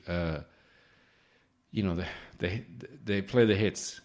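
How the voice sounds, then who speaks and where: Low-voiced male podcast host, sardonic, rambling comic monologue. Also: takes it slowly, pauses often, darkish tone.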